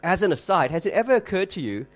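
This high-pitched preacher is very animated in his emphatic expository sermon. He slows down, repeats words for impact and poses rhetorical questions.

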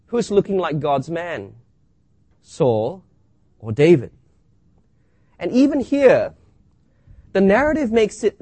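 A man preaching a sermon, reading scripture aloud and asking rhetorical questions with dramatic pauses. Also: a little high, darkish tone, dry recording.

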